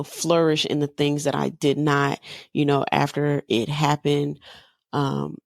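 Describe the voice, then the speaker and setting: A woman's voice: low-pitched, vocal fry, no echo, clean studio sound. A woman in her thirties hosting a podcast, talking candidly in a loose, conversational way with lots of fillers. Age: 30s. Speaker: podcast host. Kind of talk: personal monologue.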